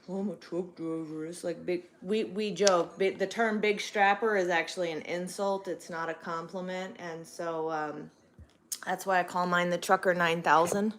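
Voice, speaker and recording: A woman's voice: lowish voice, steady tone, normal speed, background noise. A woman truck driver from Texas, chatting casually on a livestream in a sarcastic, swearing manner.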